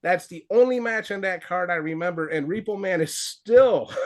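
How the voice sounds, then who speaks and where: A man who trains wrestlers, giving casual advice and telling stories from his past in an animated way. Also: high voice. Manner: animated storyteller, acts out quotes in a raised voice.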